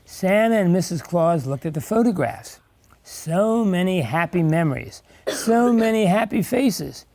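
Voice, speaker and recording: With a high-pitched voice, lively intonation and a darkish tone, an older man reads at a measured pace with no room sound audible. As a guest reader in an elementary school classroom, he goes through a picture book with young children, chatty and stopping to ask and explain.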